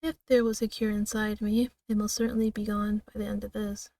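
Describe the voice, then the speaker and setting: A woman streamer reading a narrative game aloud in a slow, dramatic way, now and then breaking off with laughs and asides. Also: medium pitch, little pitch movement, dark tone, recorded from a distance.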